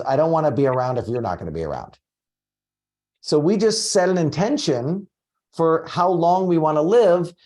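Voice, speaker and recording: A man in his forties hosting a casual group coaching call, telling stories with animated energy. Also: on the high side. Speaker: host and coach.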